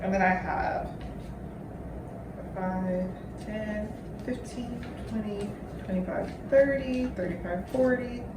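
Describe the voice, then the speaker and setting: A young woman hosting a casual vlog. She swears freely and counts aloud in a low voice. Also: slow pace, long pauses. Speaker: vlogger host. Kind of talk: casual chat to camera. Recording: roomy echo, from far off, faint noise.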